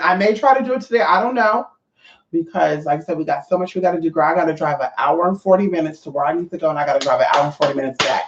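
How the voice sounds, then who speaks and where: On a lo-fi, dull-sounding livestream, a host from California who teaches online classes rants casually, with plenty of profanity and lively back-and-forth with viewers. The voice is mid-range, sitting in a middle register, with room echo around it.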